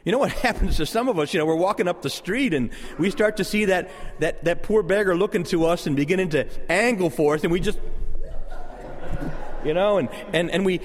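A male pastor preaching a sermon in a church, lively and conversational, acting out quoted voices and chuckling now and then. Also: high voice, fairly quick. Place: church sanctuary. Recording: long hall reverb.

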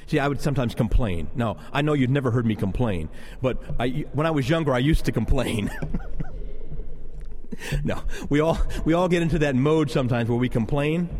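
A male priest preaches at Mass with a lively, rising and falling delivery. His voice carries a long church reverb, and he drops into slow, hushed tones for prayers. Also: medium pitch. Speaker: Catholic priest. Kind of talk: sermon.

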